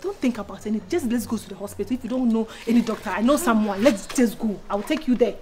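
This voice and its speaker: Insistent woman, higher voice. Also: fast, a little hiss or hum. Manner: insistent and pushy, voice climbing loud. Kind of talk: casual chat mixing pidgin and Twi.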